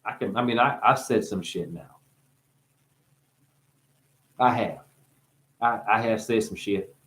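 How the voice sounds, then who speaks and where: A man in a rambling spiritual monologue, free-associating through wordplay and profanity, dropping to hushed asides and breaking into crooning. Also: on the low side, slow pace. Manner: profane, teasing. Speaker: spiritual talker.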